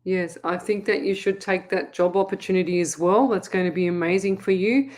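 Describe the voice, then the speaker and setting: This is a woman with a lowish voice, hosting a live psychic show as a medium. She chats in a relaxed, rambling way and laughs often between listeners' comments. Her talk is warm and unhurried, full of small asides. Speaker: psychic medium radio host. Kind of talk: live call-in show chat.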